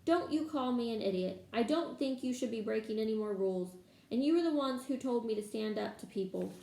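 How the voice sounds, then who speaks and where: A woman's voice: on the high side, expressive, brisk, gravelly, dark tone, recorded from a distance. A woman voicing a nervous but stubborn schoolboy, earnest and shaky, in an echoey room. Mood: defiant.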